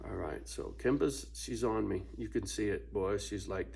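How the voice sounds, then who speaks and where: Cussing ranting dude vlogging from home, husky voice, keeps laughing. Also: male voice, on the low side, animated, normal speed, darkish tone. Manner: profane, ranting, laughs often. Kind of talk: casual rant to camera. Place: at home with his dog.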